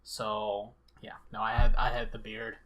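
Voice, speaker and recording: A man's voice: fairly low pitch, monotone, measured pace, a bit bright. A young man from the Southern United States, co-hosting a casual chat in a hesitant way full of fillers. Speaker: co-host.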